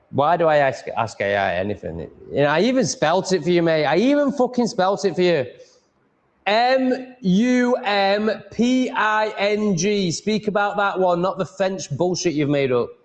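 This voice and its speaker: A man's voice: a little high, animated, moderate pace. Mumbling, rambling man streaming live. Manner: mumbling, rambling, swears freely, reads chat aloud. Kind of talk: casual live stream chat.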